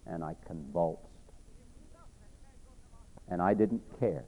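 A man preaching and telling his own conversion story in an earnest way, repeating himself, rising and then dropping to a hush. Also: low-pitched, moderate pace, slight background noise. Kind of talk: sermon testimony storytelling. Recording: tinny phone-like sound.

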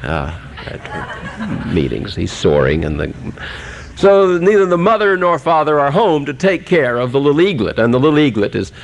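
A male preacher telling a humorous animal story in a folksy, unhurried sermon, with many pauses and fillers. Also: medium pitch, vocal fry.

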